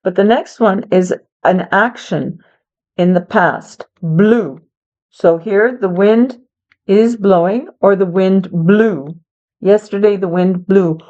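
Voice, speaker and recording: A woman teaching English to learners, speaking slowly and clearly in a patient, encouraging way. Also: medium pitch, a little mellow, lo-fi sound. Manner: patient, encouraging, talks to a child helper.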